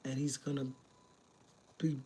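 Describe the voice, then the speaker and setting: A woman voicing a male surgeon as she quotes him, grave and quiet. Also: very deep voice, flat delivery, measured pace, slightly rough, pitched below the performer's own voice, exaggerated voice. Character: grave male surgeon breaking bad news.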